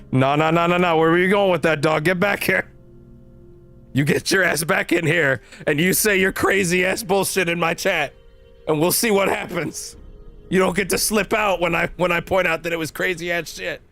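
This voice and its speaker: A man's voice: normal speed, soft background music. A man livestreaming a game, ranting animatedly and swearing freely at his chat. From Canada. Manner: animated, profane ranting with shifting pitch.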